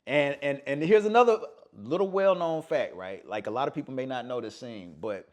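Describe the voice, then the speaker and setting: A man's voice: mid-range voice, normal speed. A man on a casual podcast, retelling film scenes with energy, acting out the lines and often saying "man". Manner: animated storytelling, acts out movie lines, says "man" often. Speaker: podcast host.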